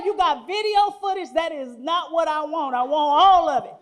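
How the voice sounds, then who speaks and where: A woman's voice: very high voice, moderate pace, a faint crowd. A woman, performing a stand-up comedy set, telling stories animatedly and acting out the people she quotes. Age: 40s. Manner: animated storytelling, acts out quoted voices. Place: live venue before guests.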